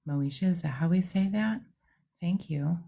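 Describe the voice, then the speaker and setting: Husky half-whispering woman. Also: on the low side, moderate pace, mellow. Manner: half-whispered, chatty, greets viewers by name. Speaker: psychic medium livestream host. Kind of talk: casual livestream chat. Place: home studio.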